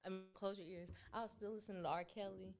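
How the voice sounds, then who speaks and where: A woman talking as a guest in a casual interview. She tells stories in an animated, slangy way, with lots of filler words and acted-out quotes. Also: medium pitch, quick pace, gravelly, soft background music. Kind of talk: casual chat.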